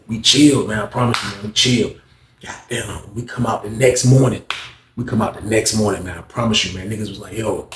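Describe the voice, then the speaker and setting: A man telling a story casually to the camera in slangy talk, loudly acting out the other people's lines. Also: fairly low pitch, roomy sound, slight background noise. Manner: animated, acts out quotes loudly, slangy. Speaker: vlog storyteller.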